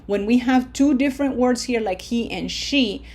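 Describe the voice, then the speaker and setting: A woman's voice: fairly high pitch, darkish tone. Patient woman teaching a language lesson. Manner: patient, checks in with "okay?" and "right?" often; slows down to model words clearly. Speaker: Spanish teacher.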